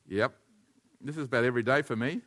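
A man preaching a sermon, animated, swinging from hushed to near-shouting and chuckling between points. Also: mid-range voice, normal speed. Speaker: pastor.

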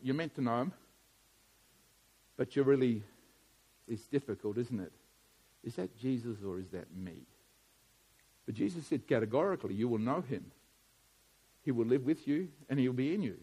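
A middle-aged man preaching a sermon, moving from quiet musing to loud, emphatic preaching. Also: medium pitch, expressive, normal speed, pauses often, husky.

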